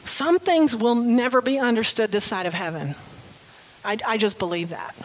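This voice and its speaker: A woman's voice: fairly high pitch, normal speed, poor audio. A woman preaching a sermon in an earnest, emphatic way, leaning on key phrases.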